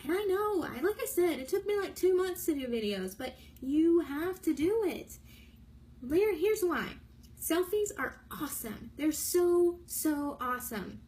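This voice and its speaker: A young woman with a high, bright voice coaches her audience in a lively, bubbly way. She is blunt and emphatic, pushing points home as a motivational trainer talking to camera. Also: measured pace, rough recording. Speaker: direct sales trainer.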